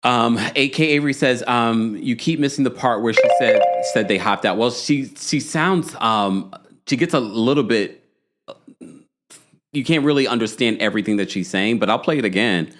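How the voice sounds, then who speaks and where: A man's voice: mid-range voice, moderate pace, a bit bright. A man hosting a live call-in show, explaining clips and bringing callers up. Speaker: podcast host.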